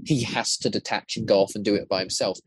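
A man's voice: on the low side, steady tone, quick pace, slightly rough, dry recording. A man chatting as a podcast guest, eager and rambling, often restarting his sentences as ideas tumble out. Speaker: guest, voice actor and prop maker. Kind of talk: casual podcast chat.

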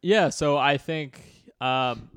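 A young man co-hosting a podcast in casual chat, easygoing and quick with jokes. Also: fairly high pitch, a bit bright, slight background noise. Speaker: podcast co-host.

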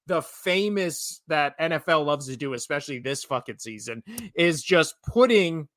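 Co-host type: man in his thirties, bright, slightly higher voice, dry close sound, jokey and rambling. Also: animated, moderate pace, no echo. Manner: joking, rambling, laughs often. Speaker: podcast co-host. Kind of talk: casual sports podcast chat.

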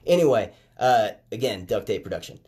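A man hosting a casual commentary podcast, talking conversationally and getting animated when he makes a point. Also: on the low side, fairly quick. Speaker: podcast host. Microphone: headphones with phone recording.

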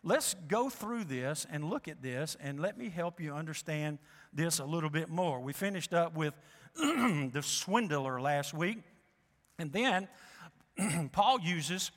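A man's voice: high voice, bright, forceful tone. A male pastor preaching a sermon, emphatic and drawing out key words, in a church sanctuary. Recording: reverberant hall.

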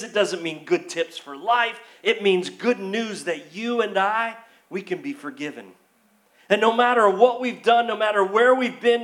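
A man with a high voice preaching a sermon. He tells his story with feeling, dropping almost to a hush and then rising into excitement. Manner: storytelling, swings from hushed to excited. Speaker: pastor. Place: church.

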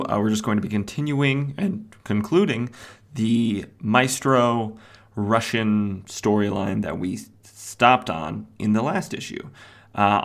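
Recapping stories on his comics podcast, this man speaks in a fairly low, fairly bright voice. His delivery is casual and rambling, peppered with "uh" and frequent self-corrections.

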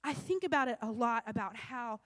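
A woman's voice: a little high, animated, fairly quick, fairly bright tone, in a large hall. A woman preaching a sermon and reading scripture aloud, driving points home by repeating phrases. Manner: emphatic, repeating phrases for weight.

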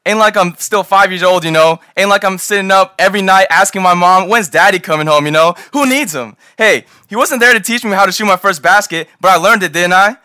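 A man's voice: high-pitched, fairly quick, hardly any pauses, dry recording. A young man playing a hurt young man abandoned by his father, reading a scene with friends. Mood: bitter. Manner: bitter, rising to shouting.

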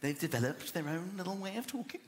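A man performing a stand-up comedy routine, acting out voices and shouting punchlines. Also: high voice, animated, fast talker. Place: live comedy venue with audience. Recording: roomy live venue with loud crowd noise. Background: audience laughter.

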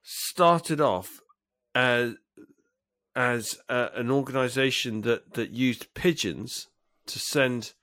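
A man co-hosting a podcast, chatting with animated exclamations and laughter. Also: mid-range voice, takes it slowly. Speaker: podcast co-host. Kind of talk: casual chat.

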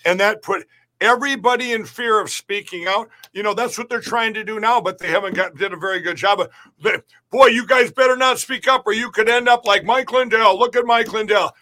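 A middle-aged man with a high, bright voice speaks as a podcast guest. He rambles emphatically and keeps restarting his sentences as he pushes his point. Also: fairly quick. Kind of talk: podcast interview talk.

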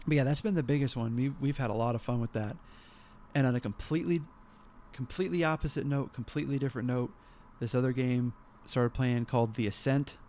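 A man co-hosting a casual podcast, with a voice of ordinary middle pitch. He tells long, rambling stories with lots of energy and breaks into laughter often. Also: a little fast, slight background noise. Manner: animated, rambling storytelling with frequent laughs. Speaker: podcast co-host. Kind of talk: casual chat.

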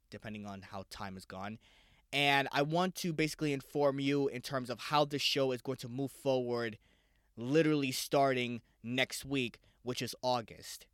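A man's voice: mid-range voice, fairly bright tone, clear, resonant tone, dry recording, studio quality. Profane, rambling podcast host, man. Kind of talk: casual solo podcast rambling.

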